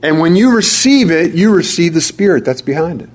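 A man's voice: on the high side, expressive, fairly quick. A man preaching a sermon, emphatic and repetitive, often restarting his words. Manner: emphatic, repeats key phrases, stammering restarts.

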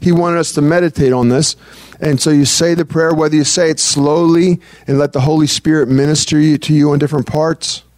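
A man's voice: a little high, fairly even intonation, fairly quick, darkish tone, no room sound, clean studio sound. A man preaching a conversational sermon as pastor. He speaks earnestly and breaks into prayer as he teaches. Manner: earnest, prays aloud mid-talk.

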